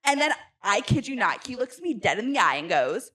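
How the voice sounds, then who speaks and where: Young woman, high bright voice that swoops up and down, animated storyteller who acts out quoted people. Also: fairly quick. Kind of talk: animated storytelling, casual chat.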